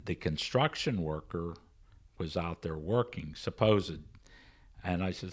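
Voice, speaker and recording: An older man with a low, deep voice tells his story in an interview. He acts out each person in the conversation as he goes, with lively back-and-forth. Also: moderate pace. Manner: animated, acts out both sides of conversations. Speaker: interview guest.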